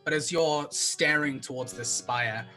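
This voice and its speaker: A woman narrating a tabletop game as game master, in a casual, halting way with fillers. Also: sits low, pushed and bright, faint music behind.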